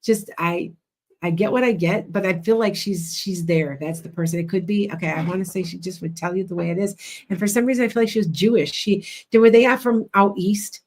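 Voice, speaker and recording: Midwestern Chicago-accented woman, chatty and blunt, livestream psychic host, mid pitch. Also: brisk, darkish tone. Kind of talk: casual livestream readings.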